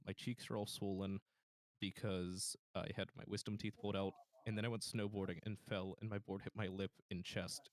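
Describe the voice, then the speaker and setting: A young man telling a story in a casual podcast chat, halting with many fillers and restarts. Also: lowish voice, dry recording, studio quality. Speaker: podcast guest.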